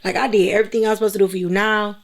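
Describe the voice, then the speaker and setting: Woman guest, 30s, mid-pitched, gravelly, earnest and encouraging. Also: level tone, rapid-fire. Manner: earnest, encouraging, faith-focused advice. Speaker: podcast guest. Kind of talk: casual chat.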